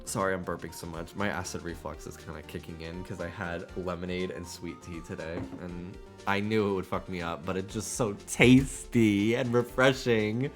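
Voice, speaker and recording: A man's voice: low-pitched, steady tone, normal speed, hardly any pauses, faint music behind. Profane, joking male game streamer. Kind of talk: casual gaming commentary.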